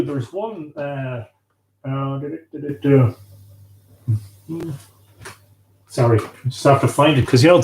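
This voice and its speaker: A man's voice: mid-range voice, a little hiss or hum. A man hosting a live stream, reading passages from books aloud and breaking off for casual asides. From Ireland. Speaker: host.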